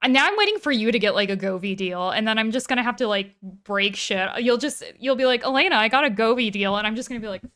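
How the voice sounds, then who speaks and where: A woman co-hosting a gaming podcast in casual conversation. Her voice is bright and smooth, and she talks in animated, rambling bursts, swearing freely. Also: a little high, fast, few pauses. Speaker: streamer and podcast co-host. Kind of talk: casual chat.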